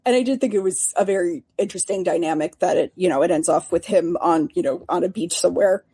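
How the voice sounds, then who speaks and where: A woman co-hosting a podcast, her voice mellow and a little husky. She speaks in a relaxed, considered way. The sound is dry and close. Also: lowish voice, quick pace, dry recording. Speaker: podcast co-host. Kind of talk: casual review chat.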